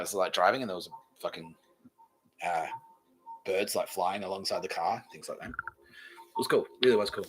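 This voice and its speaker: On his podcast, an Australian host rambles with lots of profanity and chuckles. He has a deep voice. The recording is low quality.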